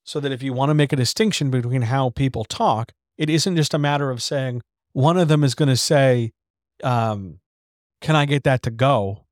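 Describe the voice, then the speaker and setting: He has a medium-pitched voice and a moderate pace, captured dry and studio quality on a studio microphone. Hosting a laid-back writing podcast, he teaches casually while being frank and profane, drawing out his S's and punching his D's and T's.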